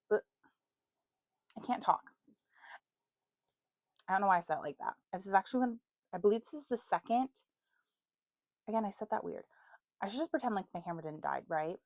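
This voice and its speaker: A woman's voice: mid-range voice, darkish tone, no room sound, studio quality. A woman in her twenties chatting casually to camera about books, self-mocking and stumbling over words now and then. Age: 20s. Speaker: book vlogger.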